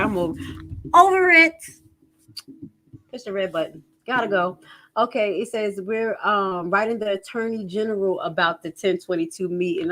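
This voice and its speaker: A woman from New Jersey with a Jersey accent, hosting a casual livestream, chatting and reading viewer comments, animated and loud when she exclaims. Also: mid-range voice. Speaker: livestream host.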